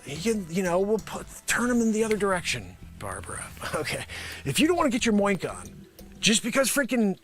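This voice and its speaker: A man hosting a live improv comedy show, pitching a made-up product in a wisecracking, animated way that swings between loud and soft. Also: a little fast, soft background music.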